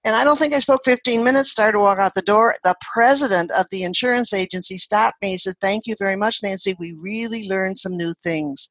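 Husky older woman, chatty storyteller. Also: mid-range voice, brisk, hardly any pauses, fairly bright tone, no room sound, highs cut off. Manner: chatty, laughing, acts out quoted voices. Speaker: guest, phone-skills trainer. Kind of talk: podcast interview storytelling.

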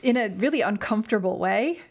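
A woman's voice: mid-range voice, animated. A young woman co-hosting a casual film podcast, chatty with lots of fillers. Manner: chatty, many fillers, reads a passage aloud slowly. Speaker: podcast co-host.

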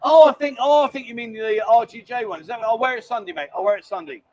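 Chatty man, high voice. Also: quick pace, a little mellow. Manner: chatty, reads viewer messages aloud, calls people mate. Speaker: livestream host. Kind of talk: casual live-stream chat. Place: lounge bar.

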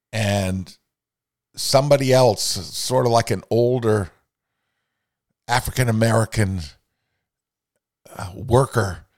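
A man's voice: lowish voice, no room sound, clean studio sound. An older man hosting a podcast, speaking in an earnest, reflective monologue and quoting passages aloud with feeling. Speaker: podcast host.

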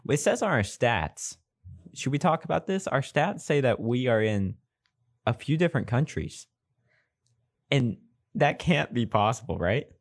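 A young man co-hosting a podcast, chatting casually with quick, teasing asides. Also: medium pitch, expressive, dry recording, studio quality. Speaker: podcast co-host. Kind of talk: casual chat.

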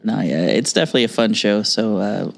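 Animated, jokey male podcast host. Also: lowish voice, fairly quick, creaky. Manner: enthusiastic, jokey, swears often. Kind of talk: casual podcast chat.

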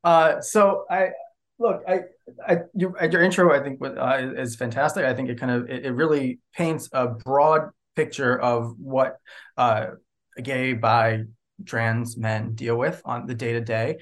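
A man's voice: medium pitch, fairly even intonation, unhurried. Man explaining as a therapist guest. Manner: thoughtful, explanatory, many restarts and "right?" tags. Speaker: psychotherapist guest. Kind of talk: casual podcast interview.

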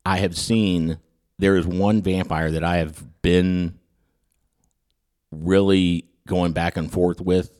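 Host, male, very low voice, animated raconteur, stumbles and restarts as he acts out quotes. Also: slow. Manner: animated storyteller who acts out quotes, with frequent stammered restarts. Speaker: podcast host. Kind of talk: storytelling anecdote in casual chat.

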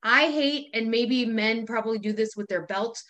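A woman's voice: fairly high pitch, moderate pace, over a noisy crowd. A woman co-hosting a podcast in casual chat, ranting with lots of swearing and frequent laughter. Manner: profane, ranting, laughs often. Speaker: podcast co-host.

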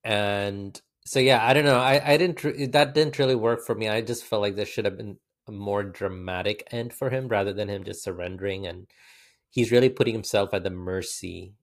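A man co-hosting a podcast, chatting casually about a film, animated and quick to laugh. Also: fairly low pitch. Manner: animated, laughs often, quotes lines in put-on voices. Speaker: podcast co-host.

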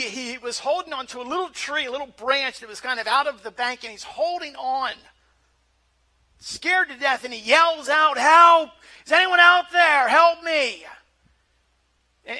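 A man's voice: very high-pitched, pushed and bright. A male pastor preaching a sermon in a conversational way, often repeating words as he starts a phrase.

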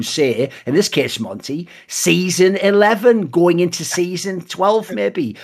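A man co-hosting a podcast, talking in a sarcastic, mocking way with lots of swearing and animated storytelling. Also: a little high. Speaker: podcast co-host. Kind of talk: casual podcast banter.

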